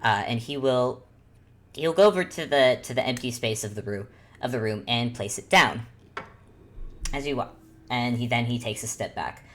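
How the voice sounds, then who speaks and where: A woman with a strikingly low voice narrates as game master of a tabletop game. Her narration rambles and corrects itself as she goes, and she breaks into laughter often. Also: moderate pace, long pauses.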